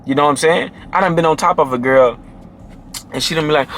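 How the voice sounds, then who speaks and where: A man giving casual dating advice to camera, emphatic and slangy, who drops into a deep low voice to demonstrate. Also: lively intonation, quick pace, slight background noise. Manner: emphatic and slangy, often adds "man" and "you feel me".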